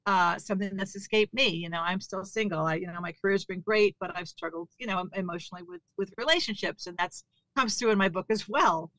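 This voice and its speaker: A woman's voice: medium pitch, quick pace, bright, forceful tone, no echo. A woman being interviewed as a comedian and author, speaking candidly in a conversational way. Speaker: actress, comedian and author guest. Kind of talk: casual interview chat.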